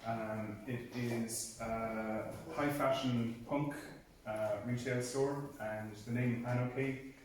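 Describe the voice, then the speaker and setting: A man's voice: mid-range voice, fairly even intonation, slow. A man giving a design project presentation, hesitant, with many ums and uhs. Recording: very echoey room, mic far off, faint noise.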